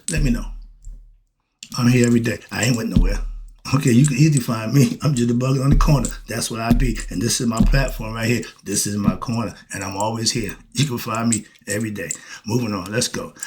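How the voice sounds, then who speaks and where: A middle-aged man giving a preachy solo monologue, answering his own questions and breaking into shouts. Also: mid-range voice. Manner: coughs and clears throat. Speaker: street philosophy commentator.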